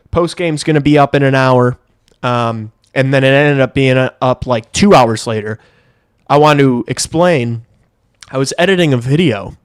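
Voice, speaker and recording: A man's voice: medium pitch, dry recording, clean studio sound. Young man chatting on a hockey stream. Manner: rambling, swearing, laughing storyteller. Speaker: livestream host. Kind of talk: casual hockey watch-along chat.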